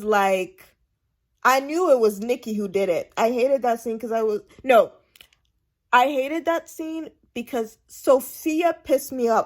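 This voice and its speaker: Lively high-voiced woman recapping a show. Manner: animated, emphatic, repeats herself for effect. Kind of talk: casual chatty TV recap.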